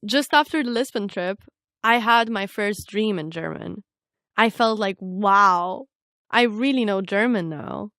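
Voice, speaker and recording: Her delivery slightly slow and her medium-pitched voice a bit bright, a young woman born in Romania narrates a scripted documentary about her life. A native Romanian speaker and reporter, she sounds reflective and personal, recorded up close with no room sound at all.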